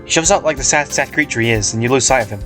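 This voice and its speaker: A man's voice: medium pitch, racing, fairly bright tone, faint music behind. A man casually reading a fan comic aloud, swearing and stumbling over words. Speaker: reader.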